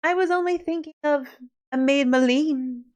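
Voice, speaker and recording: A young maid in disguise, played by a woman storyteller, lilting in a high sing-song voice. Her phrasing is old-fashioned and a little evasive. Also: moderate pace, natural voice.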